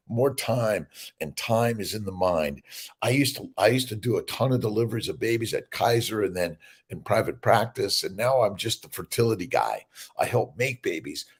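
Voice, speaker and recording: A man's voice: lowish voice, husky. A middle-aged man, a fertility doctor, hosts a casual morning livestream, greeting viewers by name and rambling loosely as he reads their comments.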